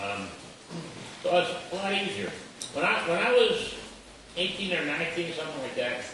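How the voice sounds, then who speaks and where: An older man spins a loose, self-amused yarn, laughing at his own jokes and pitching up into squeaky voices when he quotes someone. His tone rises and falls a lot. He sounds far from the mic in a very echoey space with steady background noise. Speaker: storyteller. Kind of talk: rambling comic storytelling to a live audience.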